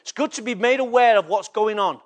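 A man's voice: sits high, brisk. A man from England preaching a sermon as a pastor, often checking in with the congregation through short rhetorical questions.

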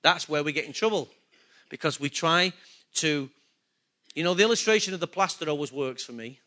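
Male preacher, high and bright, casual sermon delivery full of questions. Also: a little fast. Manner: conversational, asks the congregation questions. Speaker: pastor.

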